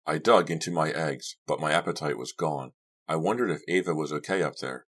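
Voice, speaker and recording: A man with a very deep, low voice narrates an audiobook. His reading is steady and measured, scripted throughout.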